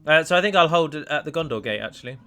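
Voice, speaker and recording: A man's voice: a little high, animated, rapid-fire, pushed and bright, smooth. Chatty man over game music. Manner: chatty, thinks aloud, self-correcting. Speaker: let's play host. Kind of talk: casual gameplay commentary. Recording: faint game music behind.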